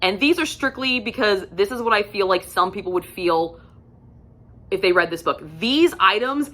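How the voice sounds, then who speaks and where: A woman talks through a book review in a bright, sharp voice. She is candid and casual, drops swear words freely and fills her pauses with ums. Her pitch sits in an ordinary middle range. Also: animated. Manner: candid, profane, chatty with frequent ums.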